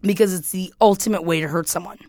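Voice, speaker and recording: A woman co-hosting a podcast in casual chat, blunt and animated, swearing freely as she retells arguments. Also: on the low side, fast, no room sound, studio quality. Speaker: podcast co-host.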